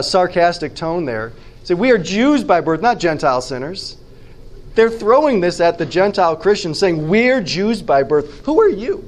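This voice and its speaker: A man preaching a sermon as pastor, conversational and emphatic, slowing down to stress key phrases and asking the listeners questions. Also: sits high.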